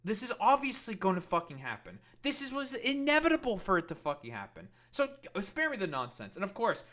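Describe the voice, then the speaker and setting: A man's voice: high voice, wildly swooping pitch, fairly quick, bright, forceful tone. A man hosting a live stream, ranting about politics in a heated, profane and mocking way.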